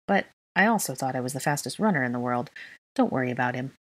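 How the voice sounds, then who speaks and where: A woman reading a calm, gentle young father. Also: extremely low pitch, quick pace, full character voice. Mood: reassuring. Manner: gentle and soothing.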